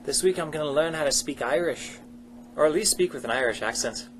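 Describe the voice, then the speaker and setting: A man's voice: on the high side, a little fast, a little hiss or hum. A young man vlogging casually into his webcam at home, upbeat and self-deprecating as he talks about learning an accent. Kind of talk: casual self-recorded vlog. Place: home at night.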